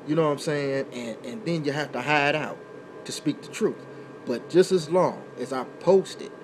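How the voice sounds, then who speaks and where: A man's voice: a little high, slight background noise. A man hosting a talk radio show, delivering an impassioned, preachy monologue from a small indoor room. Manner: impassioned and preachy, building to loud emphatic outbursts.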